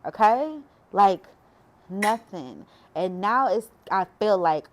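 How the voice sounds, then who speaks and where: A woman's voice: medium pitch, lively intonation, slow pace, slight background noise. Woman vlogger, heartfelt testimony, preaches as she talks. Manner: emotional, preachy, addresses viewers as y'all. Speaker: faith vlogger. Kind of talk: personal testimony talk.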